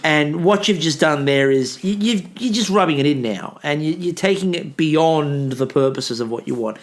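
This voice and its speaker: A man chats loosely on a history podcast. His voice sits a little high, and he jokes with dry sarcasm. He often restarts his sentences as he talks. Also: moderate pace. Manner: sarcastic, joking, rambling with restarts. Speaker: podcast co-host, history teacher. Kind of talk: casual history podcast chat.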